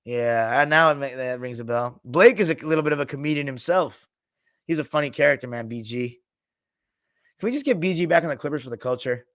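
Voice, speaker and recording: Brisk and expressive, a man with a slightly bright mid-range voice hosts a podcast about basketball, answering live chat as he goes. He's loose and jokey, curses a lot and does impressions of coaches, all in a dry, close recording with no room around it.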